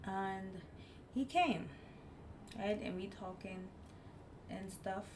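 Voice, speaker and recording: Woman streamer, mid-pitched voice, blunt and animated casual storyteller, faint noise behind. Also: takes it slowly. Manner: blunt, animated storyteller who swears freely. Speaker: live streamer. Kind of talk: casual story time chat.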